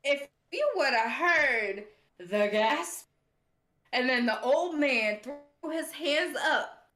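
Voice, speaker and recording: Sassy, animated woman with a higher voice. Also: takes it slowly, roomy sound. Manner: animated, sassy, laughs often. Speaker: podcast co-host. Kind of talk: casual storytelling chat.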